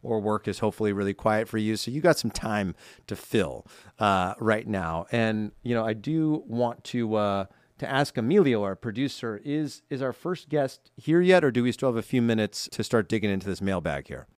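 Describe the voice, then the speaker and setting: A man's voice: fairly low pitch, animated, normal speed, no echo. A young man co-hosting a podcast in a studio, chatting casually and upbeat as he reads fan mail aloud. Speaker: podcast co-host.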